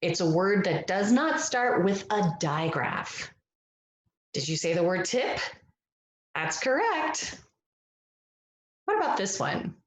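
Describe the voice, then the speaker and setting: A woman reading a picture book aloud as a phonics lesson, gentle and encouraging, stretching out the vowel sounds. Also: medium pitch, sing-song, slow, pauses often, echoey room. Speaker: reading teacher.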